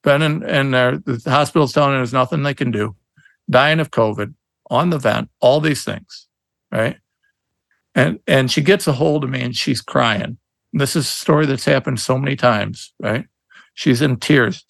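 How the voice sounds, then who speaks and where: Speaking at a moderate pace, this middle-aged lawyer has a mid-range, slightly bright voice with vocal fry. As a podcast guest, he shares stories conversationally in an earnest, emphatic way, often restarting his sentences, and the audio has no echo.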